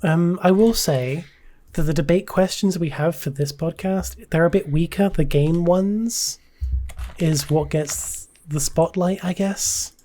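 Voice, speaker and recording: A woman's voice: on the low side, unhurried, dark tone. A woman hosting a casual podcast chat, talking in a hesitant way, often trailing off and repeating herself. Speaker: podcast host.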